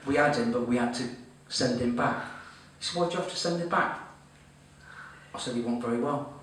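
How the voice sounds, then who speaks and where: A man's voice: mid-range voice, a little fast, a bit bright. A man compering a comedy night, telling a story and teasing the crowd with casual swearing. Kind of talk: stand-up storytelling to a live audience. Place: comedy club room. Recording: very echoey room, far-off mic, noisy.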